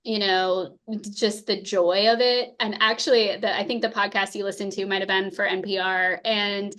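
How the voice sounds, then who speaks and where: A woman in her thirties, a therapist and podcast guest, telling stories quickly and laughing often. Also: mid-range voice. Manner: fast, lively storytelling, laughs often. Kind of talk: casual interview conversation.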